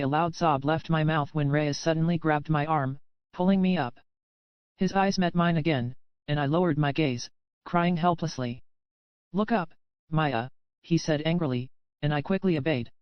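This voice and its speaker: A woman narrating a first-person romance audiobook in a steady storytelling manner, heard as dry, slightly dull audio. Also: low-pitched, no echo.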